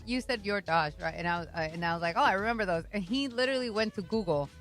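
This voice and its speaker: This is a woman working on the show who breaks into the studio conversation with quick, amused asides. Her voice sits in a middle pitch range. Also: fairly bright tone, faint music behind. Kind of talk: casual studio banter.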